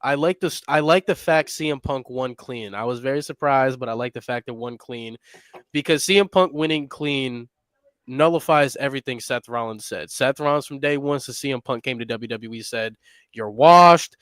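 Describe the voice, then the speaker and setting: A man's voice: medium pitch, moderate pace, fairly bright tone, no room sound. Opinionated man breaking down a match, dry sound. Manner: opinionated, lays out his argument at length. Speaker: podcast co-host. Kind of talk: casual wrestling chat.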